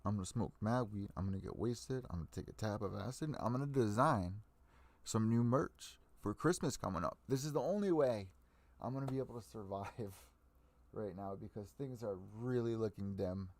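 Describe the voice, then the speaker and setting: A man's voice: fairly low pitch, normal speed, no room sound. Profane ranting man on a dry mic. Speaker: MMA podcast host. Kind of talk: ranting live stream commentary.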